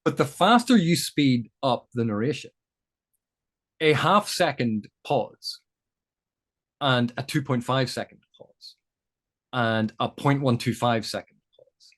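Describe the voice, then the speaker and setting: A man in conversation, unfolding ideas patiently, like a lecturer who has thought it through. His voice sits at an everyday middle pitch for a man. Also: expressive, takes it slowly, long pauses, fairly bright tone. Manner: thoughtful, lecturing, builds points with examples. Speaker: guest. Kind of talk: explanatory interview chat.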